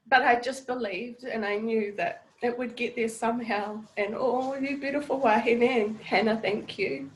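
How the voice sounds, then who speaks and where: A network marketing team leader from New Zealand gives a heartfelt, gushing testimonial on a group video call, swearing casually. Her New Zealand-accented voice is a little high and a bit bright, and the recording is rough.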